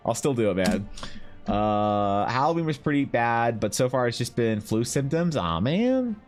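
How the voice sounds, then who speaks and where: A man's voice: mid-range voice, measured pace, pauses often, soft background music. A young Canadian man streaming, chatting loosely and profanely while answering his chat. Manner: rambling, loose and profane, reads chat aloud. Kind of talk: casual chat while drawing.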